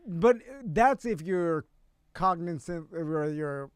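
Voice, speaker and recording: A man's voice: a little high, animated, takes it slowly, clean tone, dry recording, clean studio sound. A man from Miami co-hosting a casual live-stream chat, easygoing, often replying briefly. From Miami, USA. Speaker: co-host.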